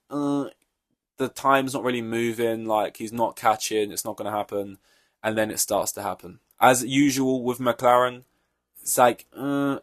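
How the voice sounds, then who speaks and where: A man's voice: mid-range voice, a bit bright, no echo, studio quality. A young man hosting a solo podcast, reacting to a race in an offhand, rambling way, swearing freely. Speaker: podcast host.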